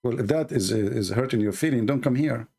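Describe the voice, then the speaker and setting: A man hosting his channel launches into an angry rant at viewers, combative, sarcastic and insulting. His mid-range voice is creaky and dark in tone, and he talks a little fast.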